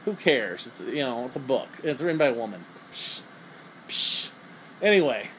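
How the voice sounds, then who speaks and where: A man's voice: medium pitch, big pitch swings, quick pace, slight background noise, poor audio. A young man giving a crude, sarcastic, rambling comedic movie review.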